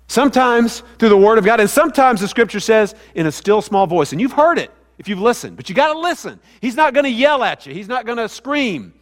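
A man with a high voice preaches a sermon in a church sanctuary and keeps asking the congregation questions. His words trail off into a long hall reverb. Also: big pitch swings, brisk, hardly any pauses. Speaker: pastor.

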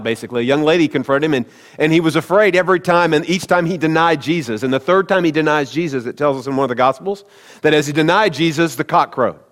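A man preaching a sermon as pastor, talking conversationally and speaking directly to his congregation. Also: medium pitch. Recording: long hall reverb.

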